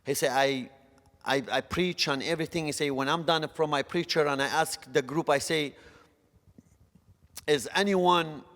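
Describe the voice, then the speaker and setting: A man's voice: a little high, steady tone. Man preaching into a reverberant hall. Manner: halting, repeats words, swings between loud and soft. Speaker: youth speaker. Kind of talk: testimony sermon. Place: church hall.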